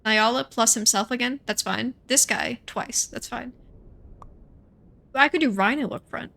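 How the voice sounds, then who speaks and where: A young woman with a fairly high, bright voice gives loose, chatty commentary as she plays. She thinks aloud, muses in quick asides and talks to herself about her next moves. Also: gravelly. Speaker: gaming streamer. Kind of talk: casual gameplay commentary.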